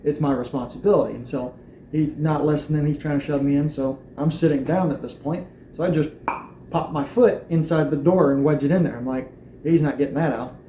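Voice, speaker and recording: A man's voice: a little high, fairly even intonation, fairly quick, warm tone. A man recounting his arrest plainly and acting out the lines he quotes. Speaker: arrestee telling his story. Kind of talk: personal account. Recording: echoey room with faint noise.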